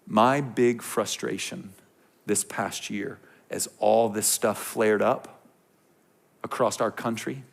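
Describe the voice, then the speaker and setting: A middle-aged male pastor preaching to a congregation in a church, chatty and blunt, swinging from hushed to loud. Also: lowish voice, fairly even intonation, takes it slowly, vocal fry. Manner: conversational, swings from quiet to loud ranting. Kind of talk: sermon. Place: church auditorium before a congregation.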